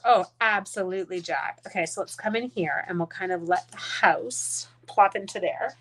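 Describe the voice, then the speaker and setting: A woman's voice: fairly low pitch, normal speed, hardly any pauses, a bit bright. Chatty woman demoing crafts on a live stream. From Canada. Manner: chatty, rambling, mutters under her breath; talks to her dogs mid-demo. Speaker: card-making demonstrator.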